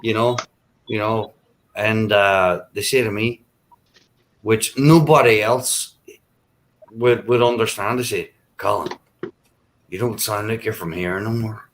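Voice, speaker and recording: A man's voice: fairly low pitch, slow, pauses often, a little hiss or hum. A man from Ireland with an Irish accent, chatting casually with friends and filling his talk with "you know". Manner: rambling, many "you know" fillers. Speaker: chat participant. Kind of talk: casual group chat.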